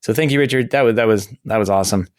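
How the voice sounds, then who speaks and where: A somewhat low-voiced man hosting a laid-back podcast from his desk at home, his voice still hoarse and only half recovered. He rambles and restarts his sentences, laughing along the way. The sound is close and dry, with no room around it. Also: very fast, dry recording. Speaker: podcast host. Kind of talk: casual podcast chat.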